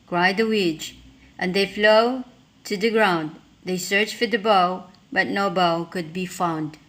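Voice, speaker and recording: A woman reading a rhyming picture book aloud, rhythmic and expressive. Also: on the low side. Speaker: storyteller.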